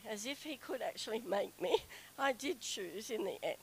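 A middle-aged woman telling a personal story to an audience in a chatty, animated way. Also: moderate pace, creaky, slight background noise, poor audio. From Australia. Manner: chatty, animated, acts out quoted whining in a high voice. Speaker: speaker telling a story to a group.

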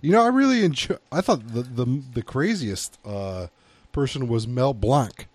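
A man co-hosting a casual film review podcast, laid-back and offering trivia and quick asides. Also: medium pitch, sing-song, darkish tone, dry recording. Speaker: podcast co-host.

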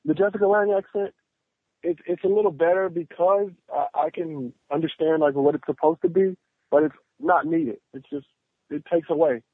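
A man with a slightly higher voice gives emphatic, opinionated takes while hosting a casual chat. His voice comes through a narrow, tinny line that sounds like a phone. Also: moderate pace, slightly rough, no echo.

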